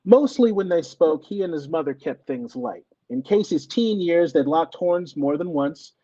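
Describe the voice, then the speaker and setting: A man reads his story aloud, his husky voice rising and falling with lively intonation. His pitch sits a little high for a man. The audio is dry and dull, a bit lo-fi. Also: no room sound. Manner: expressive, lively reading. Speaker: author reading his story. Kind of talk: reading fiction aloud.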